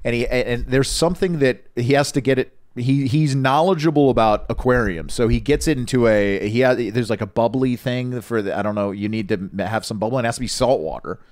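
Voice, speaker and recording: A man's voice: mid-range voice, a little fast, few pauses, darkish tone, no room sound, clean studio sound. A man co-hosting a podcast, telling rambling stories in casual chat and swearing freely. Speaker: podcast co-host.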